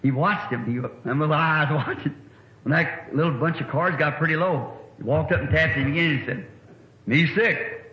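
A man's voice: on the high side, fairly quick. A middle-aged man, preaching a sermon in a folksy, rambling, anecdotal way. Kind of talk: sermon storytelling. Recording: echoey, dull old sermon recording with faint hiss.

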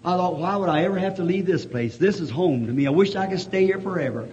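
A man preaching a sermon, telling a folksy story that rises to fervent shouting. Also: high voice, expressive, fast talker. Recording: dull lo-fi old recording.

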